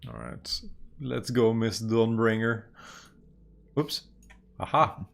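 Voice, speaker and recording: Male player, low voice, casual rambling table talk. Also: slow pace, vocal fry. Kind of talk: casual chat at a tabletop game.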